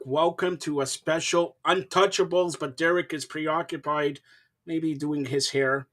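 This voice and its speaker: Man, host, high voice, joking, excitable, stammering repeats. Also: measured pace. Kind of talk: casual interview chat.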